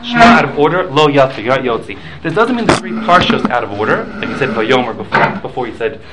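Halting man teaching a Talmud class. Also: medium pitch, very animated, very noisy. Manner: halting, repeats words, explains with examples.

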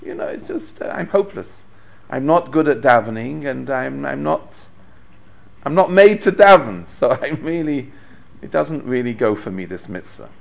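A man's voice: mid-range voice, normal speed, vocal fry. A man giving a Torah lecture as a rabbi, telling stories, acting out the quotes and chuckling now and then. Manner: animated storyteller, acts out quotes, chuckles. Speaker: rabbi teaching a class.

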